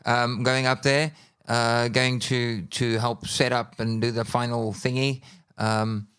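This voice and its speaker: A man co-hosting a casual radio show. He talks in a low-key way, tripping over words and restarting. His voice sits in a middle register. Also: level tone, slow, a bit bright, smooth. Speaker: radio co-host.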